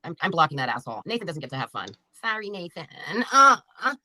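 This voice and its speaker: Bright, lively woman ranting and taunting. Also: lowish voice, quick pace, dry recording. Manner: profane, taunting, insulting viewers by name. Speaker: livestreamer. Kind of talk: angry livestream rant.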